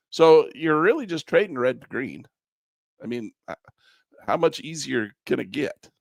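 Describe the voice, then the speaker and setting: Male instructor, gravelly and lively, folksy coaching tone, dry close recording. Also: on the high side, normal speed, no echo. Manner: folksy, repetitive coaching with chuckles. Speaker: trading instructor. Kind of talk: live screen-share trading class.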